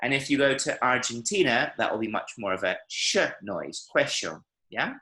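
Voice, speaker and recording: Male language teacher, bright tone, checks in with students often. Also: medium pitch, normal speed, rough recording. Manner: patient, explains and checks understanding. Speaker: Spanish teacher. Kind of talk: online language lesson. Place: online class, speaking from Medellín. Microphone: video call.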